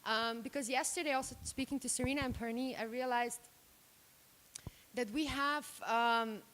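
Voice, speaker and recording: A woman from Serbia and Slovenia giving a workshop talk at a microphone, direct and animated, acting out the reactions she quotes. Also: on the high side, moderate pace. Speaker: workshop speaker. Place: room. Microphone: handheld microphone.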